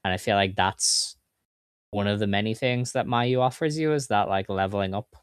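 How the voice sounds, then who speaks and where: Low-voiced man recapping with enthusiasm. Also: moderate pace, clean tone, dry recording, studio quality. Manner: enthusiastic, recapping results in detail. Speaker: podcast co-host. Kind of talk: casual chat.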